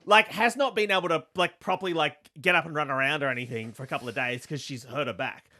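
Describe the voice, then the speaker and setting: A man's voice: fairly high pitch, fast talker, bright, forceful tone. A young Australian man co-hosting a podcast, telling a rambling, self-mocking story in casual comedic chat. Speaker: podcast co-host.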